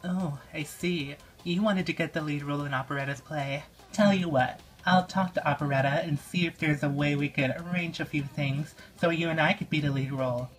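A woman's voice: deep voice, brisk, few pauses, close to an everyday voice. A woman voicing Catty Noir, a kind teen pop star. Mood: friendly. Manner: warm, coaxing, upbeat. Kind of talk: doll play voice acting.

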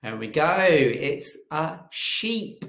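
A man's voice: fairly high pitch, very animated, drawn-out words, creaky, fairly bright tone, roomy sound, a little hiss or hum. A man teaching a children's phonics lesson, encouraging and asking them to repeat after him.

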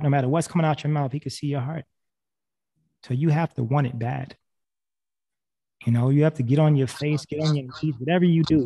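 A man's voice: medium pitch, mellow. A man preaching casually and earnestly on a video call, repeating key phrases, with frequent restarts. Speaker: speaker sharing a faith testimony on a video call.

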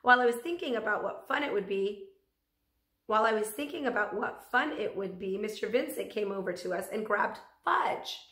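A woman teacher reading a children's chapter book aloud, signing off gently to her class at the end. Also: medium pitch, a little fast. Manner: gentle, warm sign-off. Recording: echoey room.

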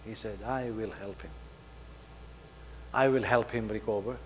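A middle-aged man, preaching a sermon, telling a story and swinging between loud emphasis and soft asides. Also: on the low side, a little slow. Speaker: pastor. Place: church hall. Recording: faint hum, long hall reverb.

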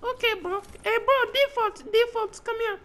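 A man putting on a very squeaky, whiny voice of a guy who claims a speech impediment, as a prank in online game voice chat. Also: moderate pace, bright, forceful tone, slight background noise. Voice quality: very high, squeaky. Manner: whiny, mock-earnest pleading.

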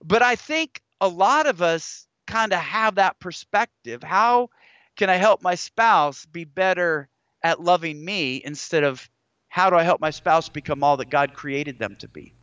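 A man's voice: sits high, animated, measured pace, fairly bright tone, clear, resonant tone, no echo, dull audio. A middle-aged man, an author and guest in an interview, speaking in an earnest, preacherly way and telling stories with quoted scripture. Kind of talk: interview conversation.

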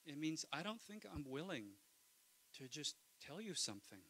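A man, a pastor, preaching a sermon in church, swinging between loud impassioned lines and quiet asides. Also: on the high side, very animated, normal speed, slightly rough, low-quality recording.

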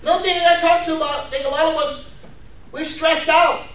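A man preaching a lively sermon to a congregation, laughing often and calling out for responses. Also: extremely high pitch, fast talker. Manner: energetic, laughing, calls for responses. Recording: very echoey room from far off.

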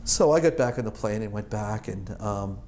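A man's voice: fairly low pitch, expressive, normal speed, darkish tone, a little hiss or hum. A man in his sixties from Boston, an Army veteran recalling his service in an oral history interview, rambling and chuckling with many fillers and restarts. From Boston, United States.

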